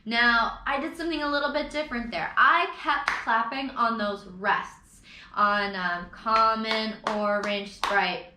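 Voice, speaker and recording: A woman teaches a recorded music lesson to children at an unhurried pace, chanting rhythm words and counting out beats. Her voice sits a little high. The recording is echoey, with steady noise behind her. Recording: echoey room with background noise.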